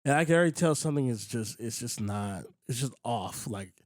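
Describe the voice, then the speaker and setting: A man hosting a podcast, telling a story in casual chat, animated and acting out other people's lines, with frequent swearing. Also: medium pitch, fairly quick, no echo, clean studio sound. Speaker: podcast host.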